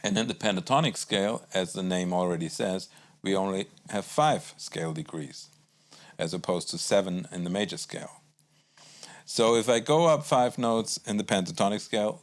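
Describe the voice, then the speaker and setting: A man teaching a guitar lesson in a calm, explanatory way, counting beats aloud as he plays. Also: fairly low pitch, moderate pace. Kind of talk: instructional music lesson.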